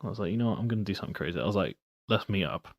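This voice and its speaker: A young man talks on a podcast in a loose, relaxed way, spinning a long story. His voice sits low. The recording is dry and close, with no room sound. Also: very fast, no echo. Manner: relaxed storyteller, acts out his friends' lines. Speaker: guest. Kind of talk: casual chat.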